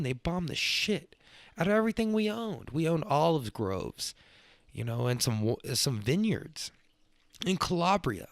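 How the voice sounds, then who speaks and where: A young man, hosting a podcast as a rambling, profane monologue that gets louder when he is worked up. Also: on the high side, no echo. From Texas. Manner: profane, loose and excitable, swings up when worked up. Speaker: podcast host.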